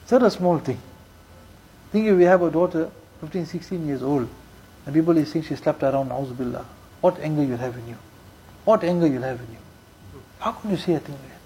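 A warm, fairly high-pitched voice belongs to an Islamic preacher whose English sermon mixes in Urdu and Arabic religious words, tells stories and repeats key lines. He recites Quranic verses fast in Arabic. The audio is poor, with a little hiss or hum.

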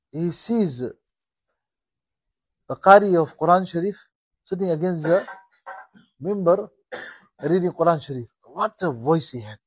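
Man, preacher, sermon, husky, high pitched, impassioned, acts out dialogue. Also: dry recording, poor audio. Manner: impassioned, rising and falling in volume, acting out dialogue.

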